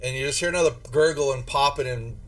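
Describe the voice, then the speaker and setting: A man with a mid-range, slightly bright voice acts as game master for a tabletop horror game. His narration rambles and halts, full of restarts and fillers.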